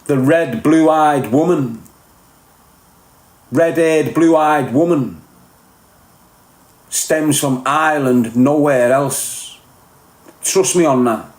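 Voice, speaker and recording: A man's voice: a little high, takes it slowly, pauses often, roomy sound, poor audio. A man with a Liverpool Scouse accent talking bluntly and emphatically in a casual podcast chat, swearing often. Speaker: podcast guest.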